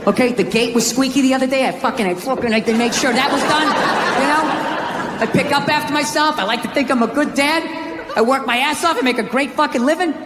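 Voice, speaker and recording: Middle-aged guy doing standup, yells a lot, swears nonstop, roomy hall echo, crowd roaring. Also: very high-pitched, quick pace. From United States. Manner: brash profane ranting, bursts into shouts. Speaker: stand-up comedian. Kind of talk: stand-up comedy set. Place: live stage before an audience. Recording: echoey hall, loud crowd and noise.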